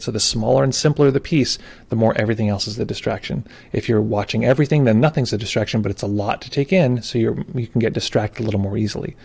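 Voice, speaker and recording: A man guiding a meditation session, talking fast and loosely and restarting his sentences as he goes. His voice is gravelly with a husky edge and sits a little low. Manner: relaxed and informal, with frequent restarts. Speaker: meditation teacher. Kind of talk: explaining meditation in a live call.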